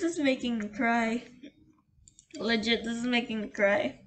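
A woman commentating her gameplay in an excitable, laughing way, reading the game text aloud. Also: fairly high pitch, a little slow, long pauses, faint music behind. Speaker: gamer.

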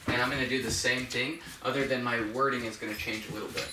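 A man who trains puppies, calmly explaining a training method step by step and softly praising the dog. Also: medium pitch, fast, hardly any pauses, background noise. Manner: calm, plain explaining, with soft praise to a puppy. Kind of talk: instructional demonstration. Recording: echoey room, mic at a distance.

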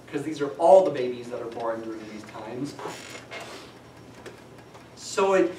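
A man's voice: a little high, recorded from a distance, slight background noise. Chatty male lecturer in an echoey classroom. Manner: chatty, digressive, dry humor. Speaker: statistics lecturer.

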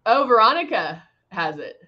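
A woman's voice: a little high, sing-song, moderate pace, highs cut off. Chatty woman hosting a live stream. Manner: chatty, rambling, reads out viewer comments; laughs often, many fillers. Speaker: makeup brand host. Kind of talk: casual live-stream chat.

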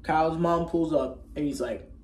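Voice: mid-range voice, measured pace, a little mellow, reverberant, faint music behind. A vlogger giving a rambling, casual movie recap, often second-guessing the plot order and using slang. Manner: rambling, unsure of itself, slangy.

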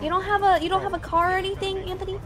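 A woman's voice: very high-pitched, little pitch movement, racing, crowd noise. A woman roleplaying in a game, playful and teasing in her tone.

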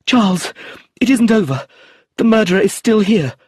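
A man voicing a frightened young woman in an audiobook reading, his voice raised high and husky. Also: lively intonation, moderate pace, no room sound, clean studio sound. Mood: urgent.

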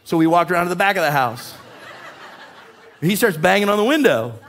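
Animated male pastor, slightly high voice. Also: a little fast, some chatter behind. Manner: animated storyteller, voice rising with excitement. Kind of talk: sermon with personal storytelling. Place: church.

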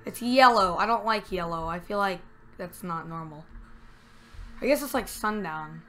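A woman's voice: medium pitch, normal speed. A woman giving casual let's-play commentary from a home setup, talking to the game and bursting into squeals and groans. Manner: excitable, talks to the game, sudden squeals and groans. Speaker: gameplay commentator.

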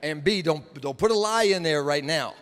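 High-voiced preacher, slow and emphatic, with dramatic pauses, heard in a big reverberant hall. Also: male voice, animated, fairly bright tone. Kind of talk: sermon. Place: large conference hall.

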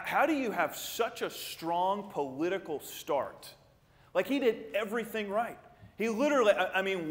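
A male pastor delivers a sermon in a church, his voice pitched a bit high and his delivery animated, jumping into the voices of the people in his story. He repeats words as he gets going. The sound rings with the long reverb of a church hall. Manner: animated, acts out crowds' voices, repeats words when excited.

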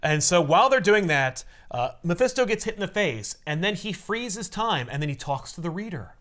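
A man casually recapping a comic story, animated and acting out the characters. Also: sits high, normal speed.

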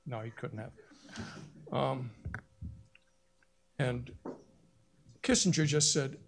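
Man with a cold, raspy and gravelly, lively storyteller on a panel. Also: medium pitch. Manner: storytelling, animated retelling of quotes. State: has a cold, coughing. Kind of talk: conference panel talk.

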